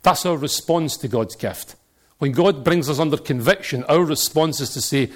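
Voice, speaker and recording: Lively Glaswegian preacher with jokes. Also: male voice, fairly high pitch, normal speed. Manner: animated storytelling with jokes and sudden shouts. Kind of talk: sermon.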